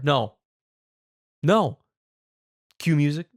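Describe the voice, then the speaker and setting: A man's voice: mid-range voice, slow pace, pauses often, no room sound, clean studio sound. A man hosting a comedy show, ranting in disbelief, swearing and repeating questions for effect. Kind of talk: comedic rant reacting to clips.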